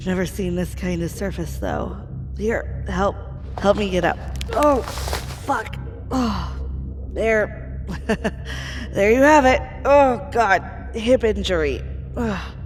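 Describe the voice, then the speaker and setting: A woman's voice: on the low side, lightly acted. A woman voicing a cynical, foul-mouthed former pilot with a hip injury, in an audio drama. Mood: wry. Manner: blunt, sarcastic, swearing. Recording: reverb and background music.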